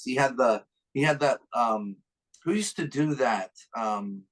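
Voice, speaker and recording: A man's voice: medium pitch, measured pace, fairly bright tone, rough recording. A man hosting a casual interview chat, speaking loosely, often searching for words and laughing easily. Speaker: podcast host.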